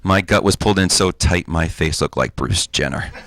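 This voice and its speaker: A man's voice: low voice, normal speed, fairly bright tone, dry recording. A comedian in his forties from New Jersey doing a campy, self-deprecating stand-up set as a talk show guest. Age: 40s.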